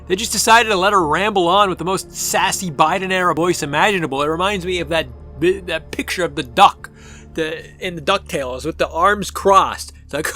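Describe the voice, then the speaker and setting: Sarcastic male game reviewer, exasperated rants, over soft background music. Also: on the high side, normal speed. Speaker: gaming video reviewer.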